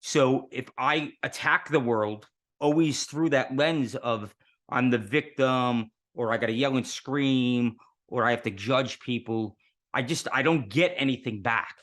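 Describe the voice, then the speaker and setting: A man talks as an interview guest, his pitch in the middle of the range. He tells his stories in earnest and works through them with rhetorical questions. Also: unhurried, a bit bright. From New York City. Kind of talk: casual interview talk.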